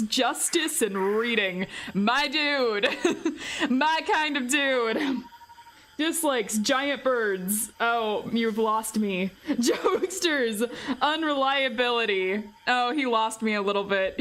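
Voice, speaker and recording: A playful woman in her forties, high-pitched and quick to dissolve into giggles. She chats casually into a desk mic while reading a visual novel aloud to her viewers. A faint hum of room noise sits under her voice. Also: a bit bright. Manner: giggly, breaks into laughter often; playful, talks directly to viewers. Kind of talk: casual live-stream chat.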